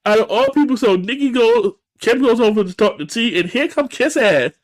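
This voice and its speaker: A podcast co-host with a very high-pitched voice talks a little fast as he casually recaps a TV episode. He's animated, performing the characters' lines in jumping, shifting voices.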